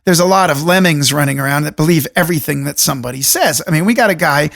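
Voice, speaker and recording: A man hosting a solo podcast, talking alone into a studio microphone in a deliberate radio voice with jokey, rambling asides. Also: fairly high pitch, creaky, a bit bright. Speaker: podcast host. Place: room alone.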